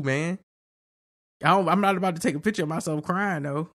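Man, podcast co-host, casual chat, animated, profane, ranting. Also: fairly high pitch, brisk.

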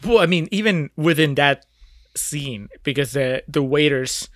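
A man co-hosting a podcast, analyzing a film in casual chat, halting and restarting as he thinks. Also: a little high, fairly bright tone, no echo, clean studio sound. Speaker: podcast co-host.

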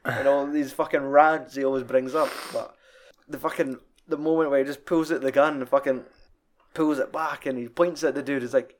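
A man's voice: mid-range voice, fairly even intonation, normal speed, slight background noise. A young man, casually chatting about a film, swearing often and laughing as he retells scenes. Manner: sweary, laughing, quotes film lines in put-on voices.

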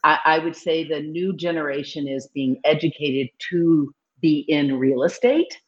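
A middle-aged woman from Nashville with a slight Southern accent, chatting casually as an interview guest and acting out quotes in animated voices. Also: deep voice, a little slow, highs cut off. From Nashville, Tennessee. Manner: lively storyteller, acts out quotes with animated voices. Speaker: real estate broker guest.

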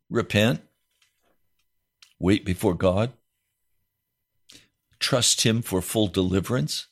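A man preaching a sermon as a pastor, voice rising into high, pleading questions. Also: takes it slowly, pauses often.

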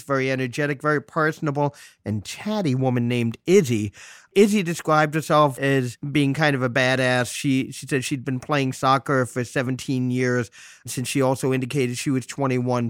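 A man from New City, hosting a podcast and telling stories in a joking, salty, animated way. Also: mid-range voice, no echo, studio quality. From New York City. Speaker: podcast host. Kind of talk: casual storytelling monologue.

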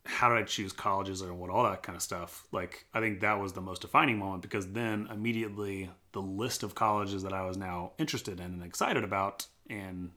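An earnest male pastor from Colorado shares his testimony, his voice sitting low in pitch. His tone is bright and forceful. He tells his story thoughtfully and lets quoted lines come out with a lively edge. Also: fairly quick, few pauses. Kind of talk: personal testimony in a church podcast interview.

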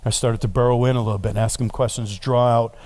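A man preaching, a pastor telling a story in a relaxed, conversational way and building to earnest prayer. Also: medium pitch, quick pace. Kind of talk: sermon.

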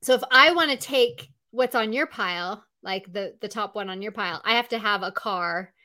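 A woman's voice: mid-range voice, moderate pace, sharp tone. A woman hosting a live show on a video call, chatting casually and filling her talk with "like" and "um". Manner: chatty, full of "like" and "um". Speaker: podcast host.

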